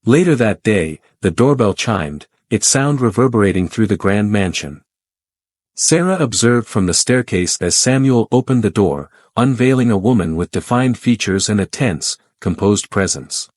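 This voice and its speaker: Male storyteller, low register, measured delivery, dry close recording. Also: animated, darkish tone, dry recording. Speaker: narrator. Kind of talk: scripted story narration.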